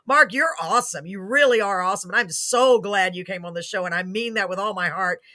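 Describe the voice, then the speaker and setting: A woman's voice: mid-range voice, brisk, bright, forceful tone, no room sound, studio quality. A woman hosting a live music show, chatting casually, gushing and laughing often as she rambles. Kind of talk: casual live-stream chat.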